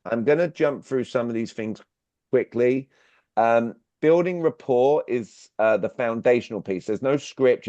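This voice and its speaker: Heard over a dull, dry video call with no echo, a man with a dark, medium-pitched voice runs a sales workshop online. He speaks directly and keeps pressing his listeners with questions.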